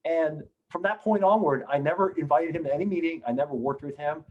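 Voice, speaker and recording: A man's voice: a little high, quick pace, hardly any pauses, darkish tone, highs cut off. A middle-aged man telling a career story in a Q&A, rambling with many fillers and restarts. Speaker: guest on a Q&A session. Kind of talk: storytelling in a recorded Q&A.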